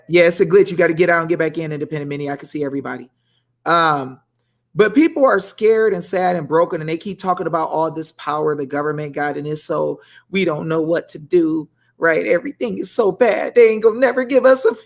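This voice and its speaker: A man co-hosting a livestream who talks in an excitable, preacherly way, often calling his viewers y'all. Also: on the high side. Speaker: livestream co-host. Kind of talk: animated live-stream talk with Bible reading.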